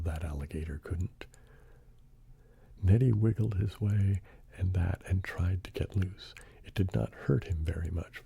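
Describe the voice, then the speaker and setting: A man reading a bedtime story in a soft-spoken ASMR style, hushed and partly whispered. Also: deep voice, vocal fry, husky, no room sound.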